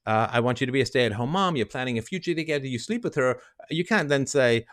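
A man's voice: mid-range voice, animated, fast talker, few pauses, dry recording, clean studio sound. A man hosting a call-in advice show, talking bluntly and emphatically, swearing now and then, with a wry edge.

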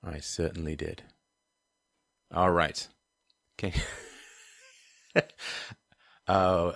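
A man hosting a livestream, reading viewer comments and ranting sardonically, swinging between low mutters and loud outbursts. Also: animated, brisk, pauses often. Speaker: host of a call-in and live-chat show.

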